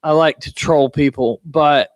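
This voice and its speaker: A male podcast host tells a joking story, laughing and swearing as he goes. His voice is notably high for a man. The sound is dry and close. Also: a little slow, no echo. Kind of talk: casual podcast chat.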